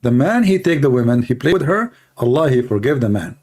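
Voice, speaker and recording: A man arguing in a heated livestream debate, challenging listeners in broken, non-standard English and clearing his throat often. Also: medium pitch, sing-song, brisk, a little mellow.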